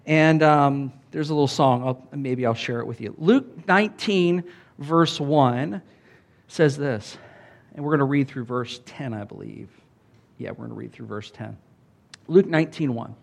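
A man's voice: medium pitch, measured pace, gravelly. A man preaching a sermon in a loose, conversational way, often asking the congregation "Amen?" and filling with "like". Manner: conversational, animated preaching with many "like"s and calls of "Amen?". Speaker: pastor.

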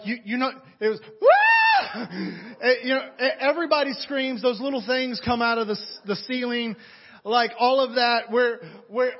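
Young man, pastor, husky high voice, dramatic storytelling sermon, dull lo-fi sound. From Atlanta, USA. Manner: animated, dramatic storytelling with frequent restarts. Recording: dull lo-fi recording.

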